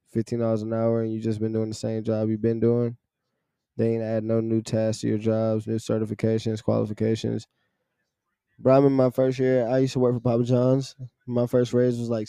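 A young man casually telling a story from his retail job, animated and profane, often laughing and acting out the people he quotes. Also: medium pitch, clear, resonant tone, dry recording. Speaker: podcast host telling a story.

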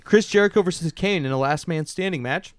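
A man co-hosting a podcast in casual chat, measured and hedging. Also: on the high side, no echo, clean studio sound. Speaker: podcast co-host.

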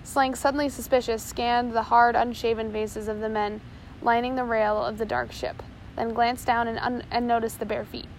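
A woman reads an audiobook chapter aloud at a steady pace. Her voice sits somewhat high, and a faint noise hums underneath. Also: moderate pace, rough recording. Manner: steady reading with small slips. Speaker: audiobook narrator. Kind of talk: audiobook narration.

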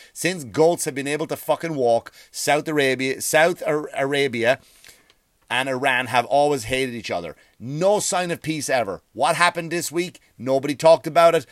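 A man's voice: on the high side, a bit bright, dry recording, clean studio sound. A man hosting a podcast, ranting in a profane, rambling monologue, often stumbling over his words. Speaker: podcast host.

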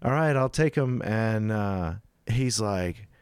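A man's voice: on the low side, expressive, slow, clear, resonant tone, dry recording, studio quality. A man co-hosting a casual chat, telling a long anecdote and voicing the people in it. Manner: rambling anecdotes with acted-out quotes.

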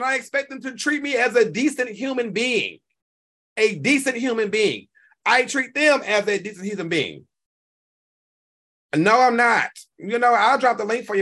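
A man, hosting a live stream and reacting to chat in an animated, profane, talk-back way. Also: extremely high pitch, normal speed. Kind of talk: casual live stream commentary.

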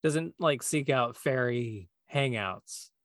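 A man co-hosting a podcast, talking in a relaxed, easygoing way and thinking aloud with plenty of filler words. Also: medium pitch, takes it slowly, no room sound, clean studio sound. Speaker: podcast co-host, voice actor. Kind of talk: casual podcast chat.

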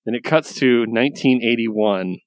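A man's voice: medium pitch, normal speed, dry recording. A man co-hosting a comics podcast in casual chat, loose and rambling, enthusiastic and swearing casually. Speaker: podcast co-host reviewing comics.

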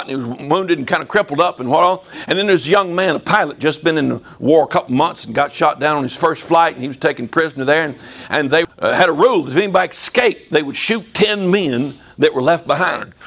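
A man preaching a sermon in a prison, telling a story in a folksy, animated way. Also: fairly high pitch, gravelly, dull audio. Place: prison chapel.

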